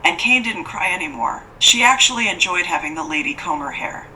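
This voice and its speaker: A woman narrating an audiobook in a steady, even storytelling manner. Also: on the low side, brisk. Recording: distant mic with faint hiss.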